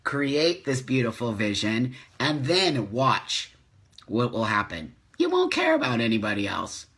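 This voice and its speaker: His pitch swoops wildly around a mid-range center, and his fairly bright voice never hurries. This man in his fifties is hosting a live-streamed motivational talk, preaching with passion, repeating himself for effect and swearing at times, captured through a phone or webcam.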